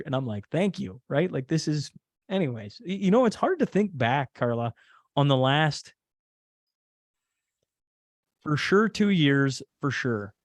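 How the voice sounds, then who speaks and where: A man's voice: a little high, very animated, normal speed, no echo. Man in dry casual chat. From Canada. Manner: rambling, many fillers and restarts. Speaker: podcast host, interview guest. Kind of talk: casual conversation.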